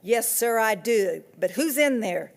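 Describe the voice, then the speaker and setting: A woman's voice: a little high, animated, unhurried, vocal fry. A woman voicing a curious, nosy ten-year-old girl who speaks eagerly and insistently.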